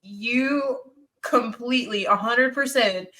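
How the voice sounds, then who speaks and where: Bright-voiced woman podcast host. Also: fairly high pitch, slow pace. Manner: emphatic, frank, uses many "like"s. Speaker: fitness coach. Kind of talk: casual podcast conversation.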